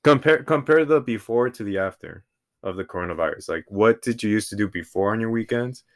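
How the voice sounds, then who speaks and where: A man's voice: lowish voice, expressive, fairly quick, no echo, clean studio sound. A young man co-hosting a podcast, laid-back and agreeable, asking questions in casual chat. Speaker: podcast co-host.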